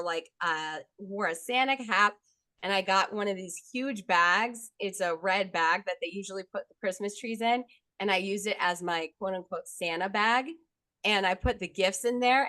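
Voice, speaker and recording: A woman in her thirties telling her own story in candid conversation, blunt and profane, getting animated when she quotes others. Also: medium pitch, no room sound.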